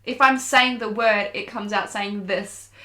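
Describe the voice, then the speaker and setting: A woman's voice: mid-range voice, fairly even intonation, unhurried, pushed and bright, roomy sound. An Australian woman from Victoria co-hosting a podcast, chatting casually, giggling often and trailing off mid-sentence. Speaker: podcast co-host. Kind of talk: casual chat.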